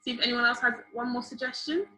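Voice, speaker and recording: A young woman leading a public speaking workshop over a video call, lively and encouraging, often asking the group questions. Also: on the high side, quick pace, faint music behind. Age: young adult. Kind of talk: online seminar teaching. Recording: roomy video call audio.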